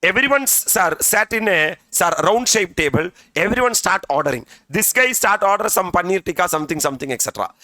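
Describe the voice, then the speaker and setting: A man's voice: high voice, animated, a little fast, few pauses, bright, forceful tone, no room sound. A middle-aged man, teaching a classroom lecture in a chatty way, often checking if the class is with him. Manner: chatty, keeps asking "are you with me", says "sir" often. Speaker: CA exam tutor. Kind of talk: classroom lecture with story examples.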